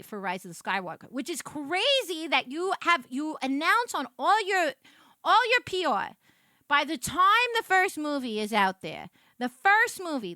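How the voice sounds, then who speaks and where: Lively high-voiced woman streamer. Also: no room sound, studio quality. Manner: animated ranting, swearing, laughing. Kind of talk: casual chat.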